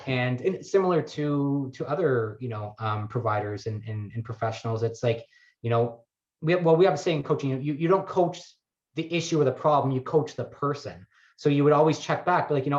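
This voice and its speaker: A man's voice: mid-range voice, fairly quick. Thoughtful man on a muffled call. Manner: thoughtful, searching for words. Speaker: wellness coach guest. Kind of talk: conversational interview. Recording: muffled lo-fi audio.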